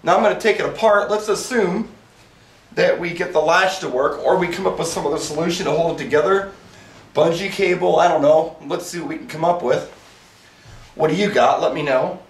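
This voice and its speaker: A man's voice: on the high side, a little fast. A man casually narrating how he sets up DJ gear, talking to himself as he works, a little out of breath from the lifting. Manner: chatty, self-narrating while working, mild humor. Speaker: mobile DJ demonstrating gear. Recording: echoey room, mic far off, faint hiss.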